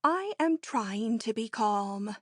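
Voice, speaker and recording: A woman reading an audiobook, voicing a timid, frightened woman friend who speaks slowly, faintly and shakily. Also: fairly high pitch, steady tone, no echo, clean studio sound. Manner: slow, faint, shaky.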